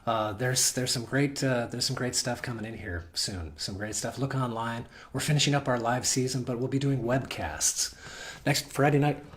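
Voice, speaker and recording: A man's voice: medium pitch, steady tone, normal speed, hardly any pauses, a bit bright. A man hosting a guitar shop's weekly video, talking casually to viewers in a rambling, folksy way with frequent restarts. He is losing his voice and keeps coughing. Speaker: guitar shop host. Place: guitar shop.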